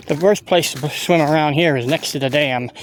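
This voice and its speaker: A man ambles along an outdoor levee and talks into his phone in a loose, halting way, often breaking off to warn about safe swimming. He sounds a little winded from the walk. Faint outdoor noise sits under his voice. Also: a little high. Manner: rambling, halting, stops to give safety advice. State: out of breath from walking. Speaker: walking tour vlogger. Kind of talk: casual walking commentary. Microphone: handheld phone camera while walking.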